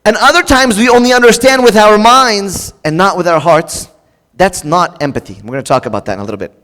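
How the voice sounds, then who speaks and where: High-voiced preacher in an echoing hall. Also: male voice, a little fast. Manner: animated, acts out quoted spouses in a raised voice. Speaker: pastor. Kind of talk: sermon. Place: church. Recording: long reverb of a church hall.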